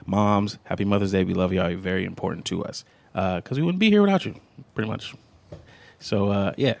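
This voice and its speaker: Gravelly low-voiced male podcast host. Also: animated, fairly quick, a little mellow. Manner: laid-back, loose, thanks listeners and introduces guests. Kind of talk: casual podcast chat.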